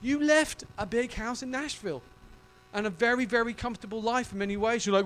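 Effusive high-voiced male preacher. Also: brisk. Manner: emotional, effusive, animated preaching. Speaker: pastor. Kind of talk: sermon.

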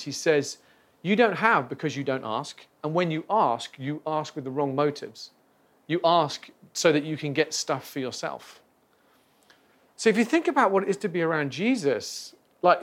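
A man teaching on the Bible in a casual, reflective way, often restarting his sentences. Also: a little high. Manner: conversational, reflective, with many restarts and fillers. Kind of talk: casual Bible study talk.

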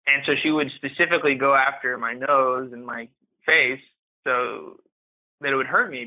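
A man as a podcast guest giving a candid, halting, emotional personal account. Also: medium pitch. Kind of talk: personal account of domestic abuse. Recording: tinny phone-like line.

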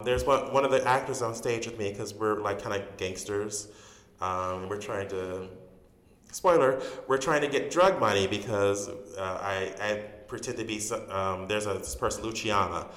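A man's voice: fairly low pitch, moderate pace. A man, a stage actor being interviewed, telling stories casually with lots of fillers and restarts. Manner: animated storyteller, many fillers and restarts. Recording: roomy reverberant room.

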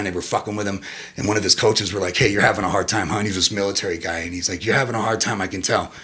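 Animated, profane man telling stories. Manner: animated, profane, jumps into high-pitched quotes of himself. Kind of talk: casual storytelling chat.

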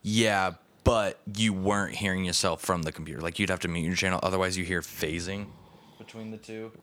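Deep-voiced male podcast co-host, easygoing and technical, talking through audio settings. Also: brisk, bright, forceful tone. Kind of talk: casual chat. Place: podcast setup with mixer, indoors. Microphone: podcast mic with headphones.

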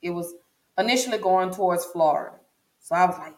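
A woman tells her own story in a personal vlog, speaking straight to viewers and repeating herself for emphasis. Her voice is on the low side and brisk, recorded in an echoey room with a little hiss or hum.

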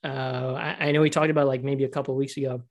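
A man co-hosting a podcast in casual chat, excitable, laughing often and restarting his sentences. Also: mid-range voice, fast, vocal fry, dull audio. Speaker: podcast co-host.

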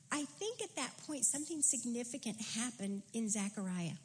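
A woman's voice: on the high side, animated, brisk, hardly any pauses, poor audio. A woman reading scripture and preaching a sermon in an earnest, reflective way.

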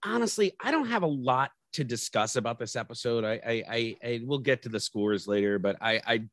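Male podcast co-host, critical and wordy, mid-pitched, close dry mic. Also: lively intonation, brisk, a bit bright, no room sound. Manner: opinionated, rants at length. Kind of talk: casual chat reviewing a TV episode.

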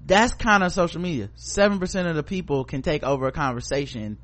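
A man's voice: a little high, fast talker, a bit bright. Blunt, profane male podcast host. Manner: blunt, profane, opinionated commentary. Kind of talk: casual chat.

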